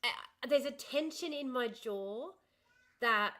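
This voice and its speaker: A middle-aged woman from northern Australia hosts a chatty livestream in a posh Australian accent, reading and replying to comments with frequent laughter. She speaks slowly, in a slightly high voice that comes across pushed and bright.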